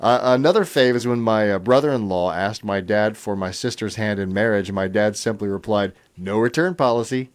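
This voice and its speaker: A middle-aged man with a fairly low voice hosts a radio call-in show, reading listener comments on air at a brisk clip with few pauses. He chuckles often and tells the stories in a relaxed way, dropping in easy fillers.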